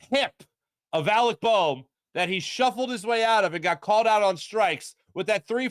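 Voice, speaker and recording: A man hosting a sports talk show, ranting with strong opinions and swinging between low grumbles and loud outbursts. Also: dry recording, studio quality. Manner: mocking put-on fan voice at times. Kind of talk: opinionated sports radio rant.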